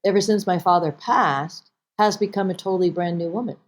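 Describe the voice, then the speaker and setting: Speaking fairly quickly in a fairly low register, this actress chats as a guest on a podcast. The interview is informal, and she brings her stories to life by voicing the dialogue.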